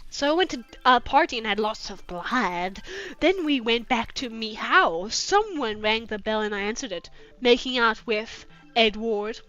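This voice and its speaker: A woman's voice: fairly high pitch, animated, unhurried, a bit bright. A woman host reading fanfiction aloud with sarcastic, profane commentary and mocking asides. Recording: dull lo-fi with faint music.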